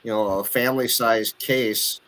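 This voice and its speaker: A man's voice: medium pitch, fairly even intonation, unhurried, very noisy. Easygoing retired man with a Wisconsin accent. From southern Wisconsin. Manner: easygoing, plainspoken. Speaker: caller. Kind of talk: casual chat.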